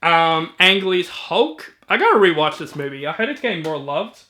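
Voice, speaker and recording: A man with a high, bright and forward voice walks through his movie shelf in a casual video. He is chatty and eager, dropping ums and quick asides between titles. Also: sing-song. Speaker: movie reviewer. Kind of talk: casual collection walkthrough.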